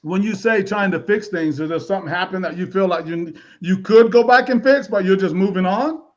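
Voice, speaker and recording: A man hosting a live online interview show, chatty and quick to laugh, often repeating his words. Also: high voice, highs cut off. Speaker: talk show host.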